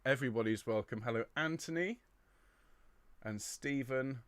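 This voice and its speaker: A man's voice: medium pitch, moderate pace, fairly bright tone, clear, resonant tone, dry recording. A middle-aged man leading an online choir rehearsal from his home studio, chatting and greeting viewers by name. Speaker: choir director. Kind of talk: livestream rehearsal chat.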